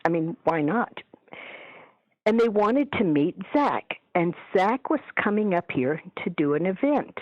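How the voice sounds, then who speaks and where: A woman telling stories as a guest in a radio interview, chatty and animated, acting out what people said. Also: on the low side, measured pace, no echo. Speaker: guest, paranormal author. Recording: dull lo-fi radio audio.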